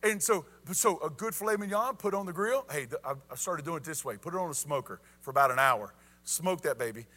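Male preacher, bright high voice, folksy sermon delivery with lots of asides to the congregation. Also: lively intonation, fairly quick. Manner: folksy, repeats "you ready?" and "y'all". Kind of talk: informal evening sermon.

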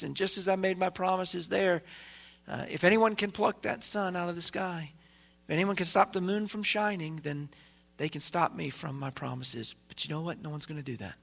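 A male pastor preaches to his congregation. His voice is high, bright and gravelly, with a bright edge. He swings between loud emphatic lines and quiet, dropped asides. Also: fairly even intonation, moderate pace. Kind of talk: sermon.

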